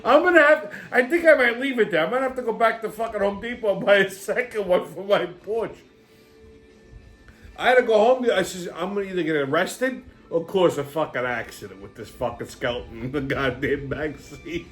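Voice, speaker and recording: A man's voice: high-pitched, normal speed, a bit bright, soft background music. A middle-aged man, hosting a show and telling a rambling, profane anecdote while laughing often. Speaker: podcast host. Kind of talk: casual storytelling monologue.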